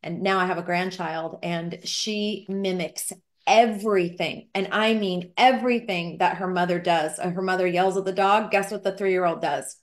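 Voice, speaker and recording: A woman's voice: lowish voice, fairly even intonation, normal speed. A middle-aged woman on a faith-based panel, giving earnest, emphatic advice in a conversational discussion.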